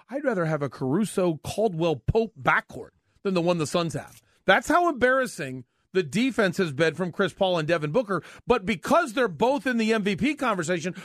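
A man's voice: high-pitched, fairly bright tone, no room sound, studio quality. A man co-hosting sports talk radio, opinionated and sarcastic as he breaks down team defense.

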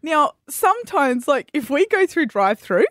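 A woman co-hosting a radio show, telling stories in chatty, animated casual talk. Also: high voice, normal speed, no echo, studio quality. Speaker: radio co-host. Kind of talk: casual chat.

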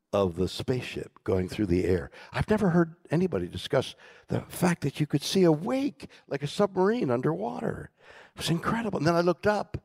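An older man tells a story on a conference stage with a slow, theatrical, halting delivery. His voice is gravelly and husky, and it swoops widely in pitch. The sound is close and dry. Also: dry recording. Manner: dramatic, halting delivery with hushed asides. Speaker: keynote guest in a stage conversation. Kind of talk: storytelling talk to a live audience.

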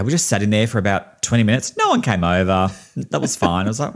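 A man's voice: medium pitch, fast, few pauses. A man on a podcast, telling an amused, theatrical anecdote in casual chat. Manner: animated, amused, theatrical retelling. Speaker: podcast co-host.

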